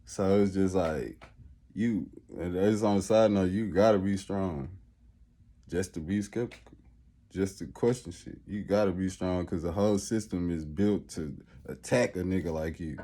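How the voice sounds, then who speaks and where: A man's voice: deep voice, moderate pace, dark tone. A man in a casual, skeptical rant, swearing often and talking with emphasis.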